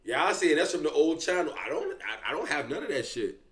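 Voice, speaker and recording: A man's voice: fairly high pitch, big pitch swings, quick pace, fairly bright tone. A young man giving loose, profane reaction commentary and talking straight to his viewers. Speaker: reaction streamer.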